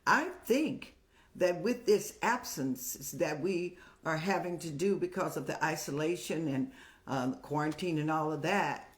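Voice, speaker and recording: Motherly woman giving folksy advice. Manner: folksy, preachy, calls listeners child; animated storytelling with rising pitch. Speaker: host answering viewer questions.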